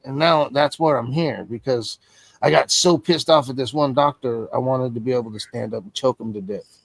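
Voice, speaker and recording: A man's voice: medium pitch, normal speed, vocal fry, dry recording, poor audio. A man telling a personal story in casual stream chat, blunt and heavily profane.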